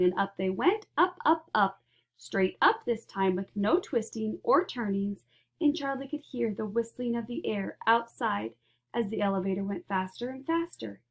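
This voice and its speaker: A woman reading a children's novel aloud with expressive, animated storytelling. Her voice sits a little higher than most, and she keeps the telling lively. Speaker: narrator. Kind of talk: audiobook narration.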